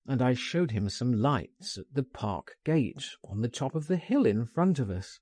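A man narrating a first-person audiobook, persuasive and lively in delivery. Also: medium pitch, unhurried, few pauses, husky, dry recording, clean studio sound.

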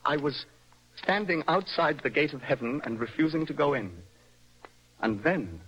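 A young actor playing a nervous, intense poet in a radio play, with a dreamy, impassioned manner. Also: male voice, on the high side, animated, moderate pace, a bit bright, slightly rough, poor audio. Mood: mocking, rhapsodic. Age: young adult. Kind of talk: radio stage-play acting.

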